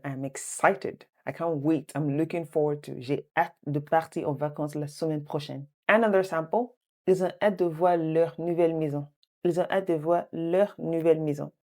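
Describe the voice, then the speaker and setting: Woman tutor, low mellow voice; slow repeated phrases with chatty asides. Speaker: French teacher. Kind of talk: online language lesson.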